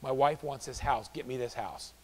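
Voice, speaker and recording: A man giving a live real estate training seminar, telling stories in an animated way and acting out the voices of the people in them. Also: mid-range voice, moderate pace, long reverb tail. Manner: animated, acts out quoted voices. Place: office training room.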